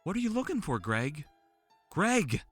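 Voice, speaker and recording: A man's voice: very animated, a little slow, breathy edge, no room sound, faint music behind, heavily acted. A man putting on a frantic young woman. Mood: alarmed. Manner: high, alarmed pleading.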